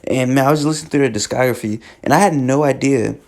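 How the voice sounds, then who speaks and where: Young man, gravelly fry, slangy, rambling music chat. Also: mid-range voice, quick pace, a little mellow. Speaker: music reviewer. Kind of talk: casual chat.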